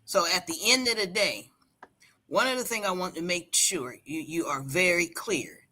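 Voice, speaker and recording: Emphatic, bright-voiced woman hair educator. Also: fairly low pitch, moderate pace. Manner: emphatic, insistent lecturing. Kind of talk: casual livestream chat.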